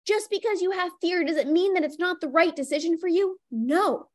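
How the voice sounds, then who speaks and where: A woman's voice: very high voice, fairly quick. A young woman hosting a solo podcast, talking casually with lots of "like" and acting out little inner voices. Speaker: podcast host.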